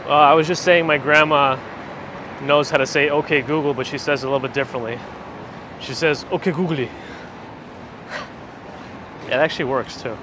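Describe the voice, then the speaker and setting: A perky man chats his way through a live walk, reacting to viewer comments as he goes. He talks at an everyday middle pitch. He is recorded outdoors on a handheld rig, and clear street traffic noise runs underneath. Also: fairly even intonation, fast. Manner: chatty, reads viewer comments aloud. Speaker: livestream host. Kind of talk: casual walking livestream chat. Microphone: handheld phone gimbal mic. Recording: noisy outdoor street audio.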